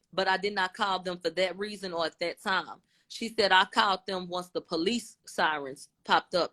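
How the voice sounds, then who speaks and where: A woman commentator with a lowish, fairly bright voice gives an informal, blunt recap of courtroom testimony, using slang. She voices both the questions and the answers in turn.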